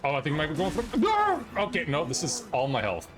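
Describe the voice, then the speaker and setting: A young man streams a game live with excitable, profanity-filled commentary, yelping suddenly at close calls. His medium-pitched voice races along.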